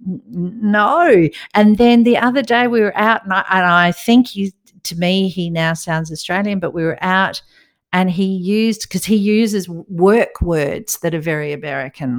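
Middle-aged woman, podcast host, animated and laughing, lowish voice. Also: a little slow. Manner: lively, laughing, animated storyteller. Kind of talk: casual chat.

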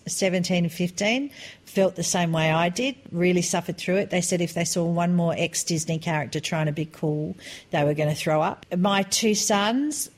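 A woman in her forties co-hosts a relaxed podcast chat, her voice pitched a little low. She tells stories with animated energy and lively emphasis. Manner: chatty, animated storytelling. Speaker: podcast co-host. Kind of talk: casual chat.

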